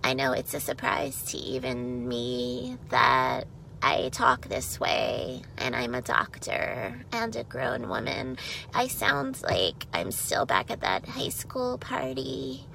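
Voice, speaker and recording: A woman putting on a mocking parody of a grown woman who sounds like a baby, drawn out slow and heavy with vocal fry. The voice sits very low yet swoops wildly up and down. It comes across as a cruel, exaggerated send-up. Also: sing-song, pushed and bright, a little hiss or hum, full character voice, poor audio. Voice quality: babyish. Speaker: voiceover actress.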